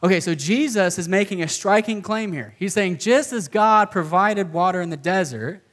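Man, high-pitched voice, casual sermon, conversational, says "okay" and "like" often. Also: moderate pace, a bit bright. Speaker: pastor. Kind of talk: casual sermon to a live group.

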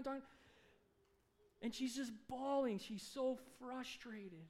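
A male pastor preaching a sermon, telling a story with animated delivery and acted-out dialogue. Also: very high voice, slow pace, long pauses. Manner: animated, acts out dialogue in his stories.

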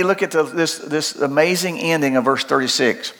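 An older man preaching a sermon in a loud, folksy, emphatic way, often restarting his phrases. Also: fairly high pitch, steady tone, a little fast, hardly any pauses. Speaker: pastor.

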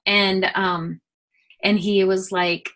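A middle-aged woman, a guest, telling a personal faith story in an earnest, animated way with many fillers. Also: mid-range voice, takes it slowly. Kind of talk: personal testimony in a conversation.

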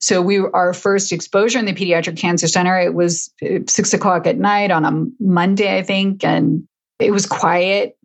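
A woman's voice: fairly low pitch, steady tone, moderate pace. A middle-aged woman, an interview guest, telling her story conversationally with frequent restarts. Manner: frequent restarts, emotional at moments.

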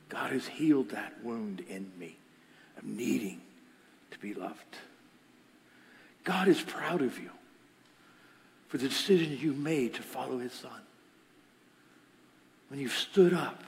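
A man preaching a sermon as pastor, animated, swinging between loud lines and whispers. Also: medium pitch, vocal fry. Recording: echoey hall.

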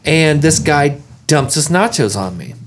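A man's voice: fairly high pitch, a little slow, slight background noise. A man co-hosting a casual chat, telling stories and acting out the people in them. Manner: storytelling, animated with quoted voices. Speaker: co-host.

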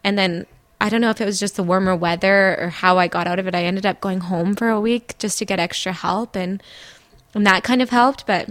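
A young woman co-hosting a podcast, talking candidly in a halting way and often breaking off mid-sentence. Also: mid-range voice, fairly even intonation, a bit bright, dry recording. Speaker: podcast co-host. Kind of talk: emotional casual chat.

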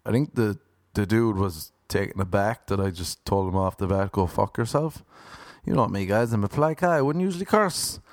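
A man's voice: on the low side, animated, a little fast, no echo, studio quality. A man casually telling his viewers a profane, ranting story. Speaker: vlogger.

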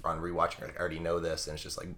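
A man's voice: deep voice, completely flat delivery, rapid-fire, fairly bright tone. A young man chatting casually on a podcast, hedging with lots of filler words. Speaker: podcast co-host. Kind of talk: casual chat.

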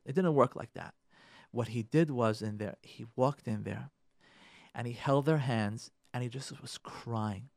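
A man, a rabbi on a radio show, urging his listeners in an impassioned talk, repeating his key points and swinging from loud pressing to soft pleading. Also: medium pitch, lively intonation, normal speed, dry recording, clean studio sound.

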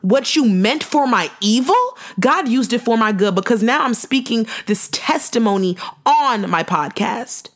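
A woman's voice: fairly high pitch, animated, measured pace. Fervent young woman podcast host. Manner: impassioned, repetitive, slangy preaching cadence. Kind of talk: fervent faith testimony on a podcast.

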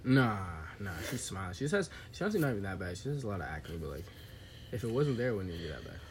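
A young man guesting on a podcast, chatting casually, joking and bursting into loud laughter. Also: fairly low pitch, very animated, fast talker. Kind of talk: casual chat. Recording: loud crowd noise behind.

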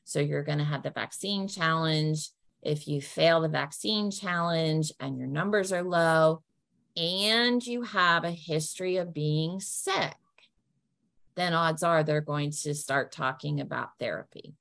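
A woman's voice: low voice, unhurried, vocal fry, a bit bright. A woman answering questions with practical, down-to-earth advice, acting out polite phone lines as examples. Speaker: patient advocate answering questions.

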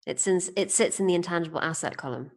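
A woman's voice: on the low side, fast talker. A woman hosting a podcast, telling stories in an amused, thoughtful way in a casual conversation. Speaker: podcast host.

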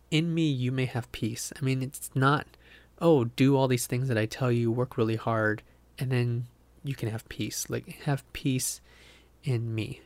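A young male pastor talks through scripture on his podcast in a loose, heartfelt way, trailing off and circling back to his point. His voice sits in a middle pitch, recorded close and dry with no room sound. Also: dry recording. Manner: earnest, rambling, self-interrupting with laughs. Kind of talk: casual devotional talk.

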